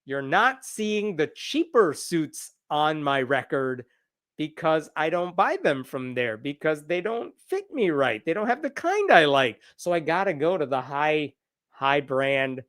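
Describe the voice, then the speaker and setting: A man's voice: fairly high pitch, very animated, a little slow, a bit bright, no echo, studio quality. A man reading out the answers of a defensive male preacher dodging questions in a deposition. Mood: evasive.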